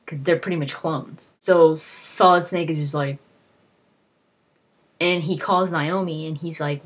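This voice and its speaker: A woman's voice: low voice, steady tone, a little slow, slightly rough. A young woman casually recapping a video game plot in a rambling way, full of fillers and restarts.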